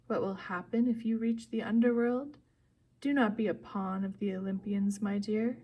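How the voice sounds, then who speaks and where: Woman voicing a female monster, storybook, soft purring coax, slow, hushed, sly. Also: medium pitch, steady tone, lo-fi sound, natural voice. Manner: soft purring, coaxing, drawn-out. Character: ancient female monster, coaxing and menacing.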